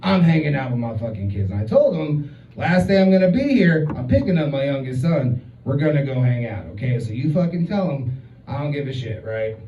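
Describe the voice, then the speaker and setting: A man in his thirties does stand-up at a comedy club, telling a chatty, profane story loaded with fillers in a fairly quick, expressive voice pitched a little high. The recording sounds distant, roomy, and muffled.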